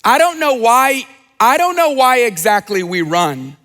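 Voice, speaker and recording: A man's voice: very high voice, lively intonation, unhurried, fairly bright tone, in a large hall. A pastor preaching a sermon in an earnest way, acting out the lines he quotes.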